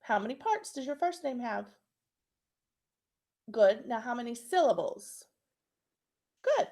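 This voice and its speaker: Lady teacher, kinda high voice, slow and patient, spelling out little words for kids. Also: big pitch swings, mellow. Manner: slow, patient, spelling out letters and clapping syllables. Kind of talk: recorded phonics lesson for young children.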